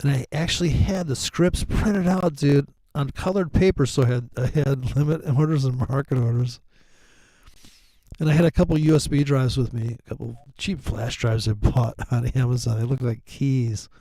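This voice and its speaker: A man's voice: medium pitch, dark tone, no echo, low-quality recording. A middle-aged man telling rambling stories in casual talk, swearing freely, laughing often and acting out other people's lines. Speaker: forex trader telling stories. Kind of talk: casual storytelling.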